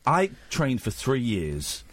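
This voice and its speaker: A man's voice: medium pitch, huge pitch swings, slow pace, a bit bright. A man with a British accent hosting a late-night radio talk show, joking and rambling with a guest. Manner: joking, rambling, self-mocking. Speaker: radio host. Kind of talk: casual radio chat.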